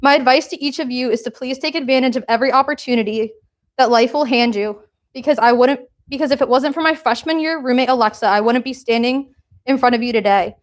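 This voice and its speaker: A woman's voice: high voice, fast. A young woman, a committee chair, giving an emotional award speech while trying not to cry. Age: young adult.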